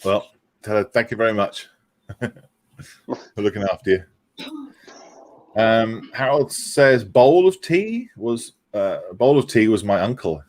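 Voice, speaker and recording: A man's voice: fairly low pitch, lively intonation, measured pace, long pauses. A man hosting a casual model-making livestream, chatting, laughing and reading out viewer comments. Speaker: livestream host.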